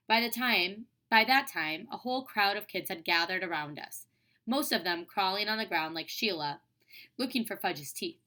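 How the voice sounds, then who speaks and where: Reading a children's book aloud, a female teacher brings expressive storytelling to the text, her mid-range voice moving at a normal speed.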